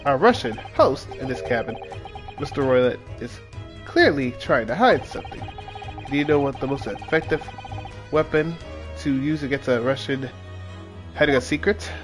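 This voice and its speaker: A man's voice: mid-range voice, animated, normal speed, long pauses, over music, lightly acted. A man reading aloud as a pompous, eccentric male detective, theatrical and grandiose, stumbling over words now and then. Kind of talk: reading game dialogue aloud.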